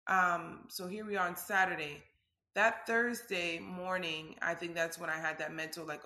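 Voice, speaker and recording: A woman's voice: on the low side, fairly even intonation, moderate pace, sharp tone, reverberant. A woman vlogger speaking candidly and conversationally about a personal experience, with frequent filler words.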